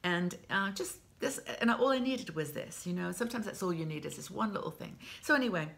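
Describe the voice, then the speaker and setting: A woman's voice: lowish voice, expressive, brisk, creaky, fairly bright tone. A woman in her sixties giving casual, heartfelt advice to camera as a vlog host, chatty and open. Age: 60s. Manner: chatty and heartfelt, with frequent restarts.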